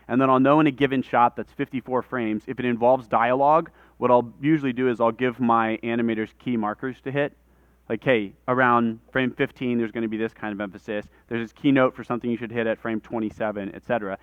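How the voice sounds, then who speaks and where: A man teaches a room full of people in a relaxed, conversational way. His voice is smooth and clear, with a dry, slightly dull lo-fi recording sound. He explains things step by step and talks with his hands. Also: medium pitch, brisk, dry recording. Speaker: workshop presenter. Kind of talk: live workshop lecture. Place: conference room with audience.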